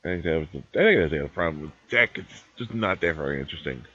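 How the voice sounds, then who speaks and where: A man's voice: extremely low pitch, animated, very fast, a bit bright, slightly rough. A man streaming live, chatting casually and rambling through opinions while he games. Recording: dull lo-fi dry stream mic.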